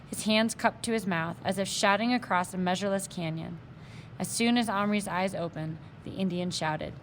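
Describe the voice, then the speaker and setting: A woman reads a children's chapter book aloud in a mid-pitched, everyday voice, dropping in small asides and correcting slips. A faint hiss of noise hangs behind her. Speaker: reader. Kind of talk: reading a children's novel aloud.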